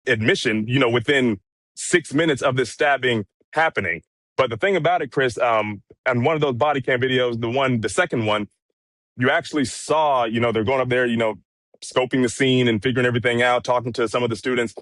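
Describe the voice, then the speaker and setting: A man giving a casual, measured account of a day in court, recounting events with frequent fillers. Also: mid-range voice, fairly bright tone, dry recording. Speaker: courtroom correspondent. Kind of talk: casual commentary chat.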